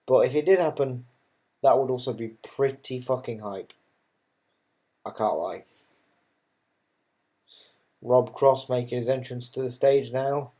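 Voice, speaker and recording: A man's voice: medium pitch, fairly even intonation, moderate pace, dark tone. A man giving casual, unscripted darts commentary, chatty and self-mocking, who swears freely and drifts into ranting asides.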